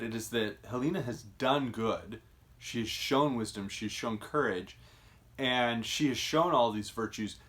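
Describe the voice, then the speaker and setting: A man's voice: medium pitch, a bit bright. A man hosting a casual literary discussion, thoughtful and musing, often restarting his sentences. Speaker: podcast host.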